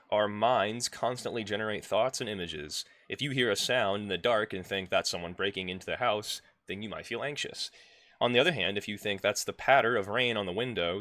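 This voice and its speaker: Guy reading a workbook out loud on stream, lowish voice but bright and forceful, chatty asides to chat. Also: dry recording. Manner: reads a text aloud and breaks off to chat with viewers and pets.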